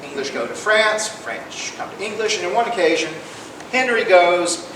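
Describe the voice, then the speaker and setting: A man's voice: expressive, moderate pace, fairly bright tone. A man giving a casual public lecture in a library room, retelling history in everyday conversational talk. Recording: echoey room, distant mic, rumbling noise.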